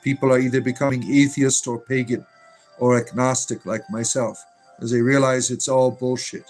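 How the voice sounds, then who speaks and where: A man's voice: mid-range voice, level tone, moderate pace, a little mellow. Irreverent man rambling on a livestream. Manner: irreverent, profane, rambling with many fillers. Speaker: livestream host reading chat. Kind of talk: casual livestream chat. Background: faint music.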